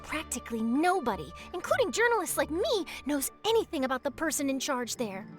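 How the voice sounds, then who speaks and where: A woman's voice: high-pitched, sing-song, a little fast. A woman voicing a nosy, scoop-hungry young female newspaper reporter with theatrical, gossipy asides. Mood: eager. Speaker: journalist. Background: game music.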